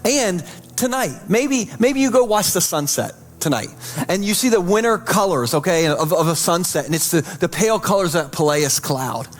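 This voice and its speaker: Young guy pastor, kinda high voice, chatty sermon, slows way down and goes quiet on the holy bits, light music behind. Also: animated. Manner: repeats "holy" softly and slowly, chatty asides.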